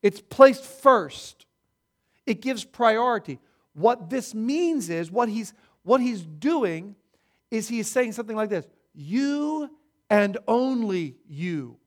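High-voiced man preaching a sermon. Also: expressive, slow. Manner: emphatic, repeats key words, varies loudness for stress. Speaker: pastor.

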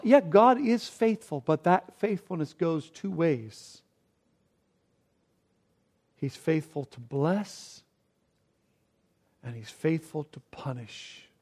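A pastor delivers a sermon in a high, light male voice. He speaks slowly and deliberately, repeating words as he builds. He swings between emphatic rises and hushed drops. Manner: preaching with emphatic rises and quiet dramatic drops.

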